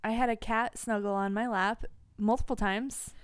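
A young woman co-hosting a podcast, playful and quick to react while listening to a story. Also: a little high, fairly even intonation, clear, resonant tone, dry recording. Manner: playful, reacts with laughs and gasps. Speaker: podcast co-host. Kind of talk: casual chat.

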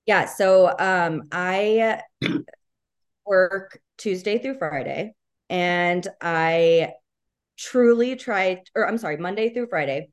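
Woman podcast guest, slightly low voice, relaxed and reassuring. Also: takes it slowly. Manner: casual and encouraging, many "like" and "you know". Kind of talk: casual podcast interview.

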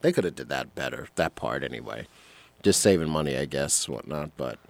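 A man's voice: rumbling low, animated, a little fast, creaky, dry recording. A man co-hosting a podcast in casual chat, rambling along, chuckling often and trailing off. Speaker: podcast co-host.

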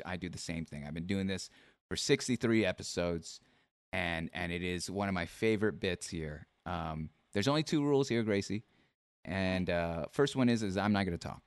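A man hosting a casual interview podcast, rambling with many restarts, then reading out his questions slowly and deliberately. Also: on the low side, no room sound, clean studio sound. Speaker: podcast host.

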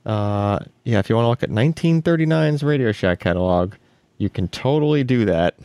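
A man hosting a casual tech podcast, animated and laughing often, with frequent restarts. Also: on the low side, a little fast, dry recording. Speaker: podcast host.

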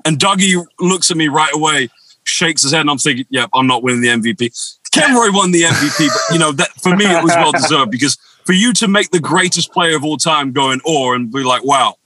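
Bright-voiced man telling animated anecdotes. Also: on the high side, fairly quick, no echo, rough recording. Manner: animated, rambling anecdotes with quoted dialogue. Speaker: guest. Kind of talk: casual storytelling on a video chat.

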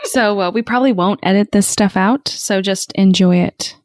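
A woman's voice: mid-range voice, moderate pace, dry recording, clean studio sound. A woman co-hosting a podcast in casual chat, goofy and teasing. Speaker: podcast co-host.

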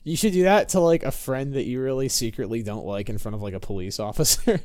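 A man hosting a casual podcast chat, animated and laughing often, swearing freely. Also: mid-range voice, quick pace, no room sound, studio quality. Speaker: podcast host.

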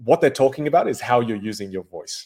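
A man's voice: mid-range voice, lively intonation, quick pace, a little mellow. A man appearing as a guest voice coach in a podcast interview, speaking emphatically, like a coach. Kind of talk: interview conversation.

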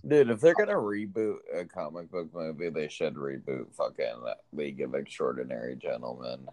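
A man's voice: a bass voice, lively intonation, normal speed, a little mellow. A man co-hosting a casual chat, rambling with lots of fillers and swearing. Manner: rambling, full of "like" and swearing, laughs often.

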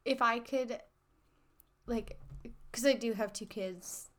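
A woman's voice: fairly high pitch, slow, fairly bright tone. A woman, a mother of two, co-hosting a podcast from a small home studio, chatting casually with blunt swearing and laughter. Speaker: podcast co-host. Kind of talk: casual chat.

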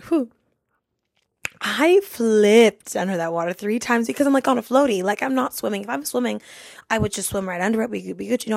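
A woman's voice: a little high, animated, fairly quick, creaky, darkish tone, no echo, clean studio sound. A young woman hosting a podcast, telling a funny story casually and laughing through it. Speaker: podcast host.

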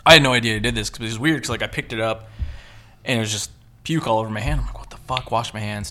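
A man's voice: lowish voice, racing, bright, forceful tone, a little hiss or hum. A young man casually telling a rambling, profane story among friends, laughing as he goes. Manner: profane, rambling, laughing through his own stories.

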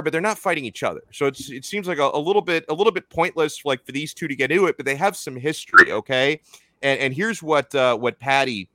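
A man's voice: medium pitch, pushed and bright, dry recording. A man hosting a sports talk show, chatting loosely with lots of restarts. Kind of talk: casual sports chat.

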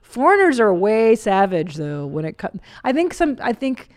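A woman's voice: a little high, very animated, moderate pace, no echo. Woman, 40s, podcast host, frank, chatty, laughs a lot, dry close sound. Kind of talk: casual podcast chat.

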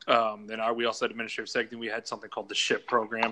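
A man with a bright, forceful voice tells crude prison stories on a casual podcast. He laughs often and acts out other people's lines as he goes. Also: lowish voice, monotone, racing. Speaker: podcast co-host, former prison case manager. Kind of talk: casual storytelling chat.

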